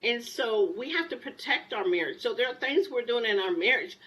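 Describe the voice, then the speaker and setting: A woman in her sixties with a bright, fairly high voice tells her story on a talk show. She speaks candidly and with lively energy. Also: brisk, low-quality recording. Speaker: guest. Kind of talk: personal testimony on a talk show.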